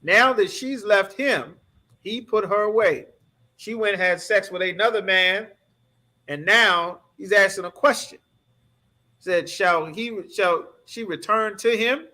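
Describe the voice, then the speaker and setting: A man's voice: high voice, pushed and bright. A man teaching a scripture class, preaching emphatically in a streetwise way and asking the class rhetorical questions. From United States.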